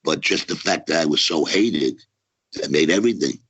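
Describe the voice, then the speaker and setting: A brash man with a very low, husky voice tells wrestling stories with swagger and heavy emphasis. He talks like a guest holding court in a casual interview. The audio sounds dull and lo-fi. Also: moderate pace, fairly bright tone, no echo.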